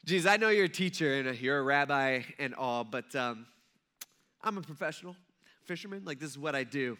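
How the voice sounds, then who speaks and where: A man's voice: on the high side, expressive, a little fast, sharp tone, clear, resonant tone, voice pushed down. A man acting out a skeptical, annoyed grown fisherman in casual modern speech within a sermon. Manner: exasperated, casual modern talk.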